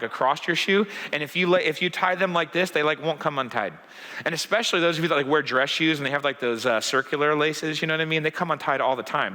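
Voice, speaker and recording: Male pastor, casual conversational sermon, bright ringing voice, slightly high, long church hall reverb. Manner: conversational, uses many fillers and acts out quotes. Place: church sanctuary.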